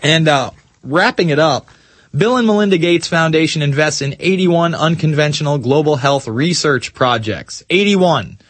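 A man hosts a talk radio show with a slightly high voice. He mocks the headlines sarcastically, drawing words out for stress and then speeding up. The studio sound is dry and close. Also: dry recording. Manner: sarcastic, mocking, swings between slow emphasis and quick rants. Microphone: studio microphone.

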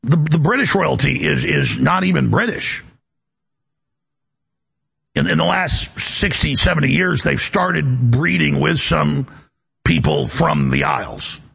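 A man's voice: on the high side, lively intonation, measured pace, vocal fry, fairly bright tone, husky. A male talk show host delivering an emphatic, rambling political monologue, often repeating words as he goes.

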